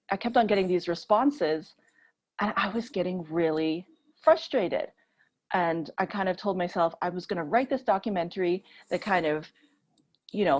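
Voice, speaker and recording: A woman's voice: on the low side, darkish tone, rough recording. A woman, a documentary filmmaker, speaking candidly and reflectively as an interview guest.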